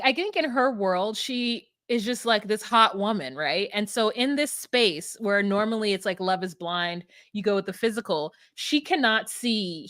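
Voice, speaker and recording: A woman's voice: medium pitch, no room sound, clean studio sound. A young woman co-hosting a casual recap chat, laughing often and acting out what people said. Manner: laughing, animated, acts out quotes. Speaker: podcast co-host.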